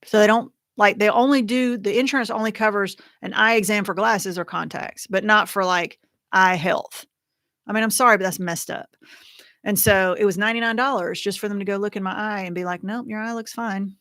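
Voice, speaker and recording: On her livestream for widows, a middle-aged woman tells a long, rambling story, chatty and packed with fillers and false starts. She talks briskly in a mid-range, slightly bright voice with fairly even intonation. Her computer or phone mic gives clean studio sound with no echo.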